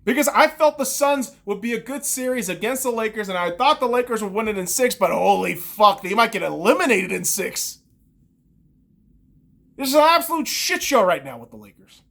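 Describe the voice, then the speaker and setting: Podcaster by themself in a room, swears nonstop, goes on heated rants, mid-pitched voice. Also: expressive, normal speed, gravelly, fairly bright tone. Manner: heavy swearing, heated ranting. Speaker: podcast host. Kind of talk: solo sports rant. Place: room, alone.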